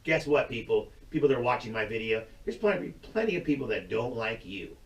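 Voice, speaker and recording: Male vlogger, profane, rambling rant to camera, mid-pitched, roomy sound with the voice set back from the mic. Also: animated, brisk, distant mic, muffled recording. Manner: profane, blunt, rambling, laughs often. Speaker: YouTube channel host.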